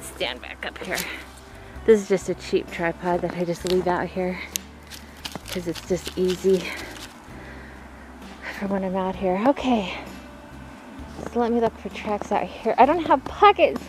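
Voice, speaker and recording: A woman with a drawl talks her way through snowy woods, breathless and quick to laugh. She chats to herself like she's talking to a friend. The outdoor recording carries a clear hiss of noise from the handheld camera. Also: fairly low pitch. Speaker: vlogger. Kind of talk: casual outdoor vlog.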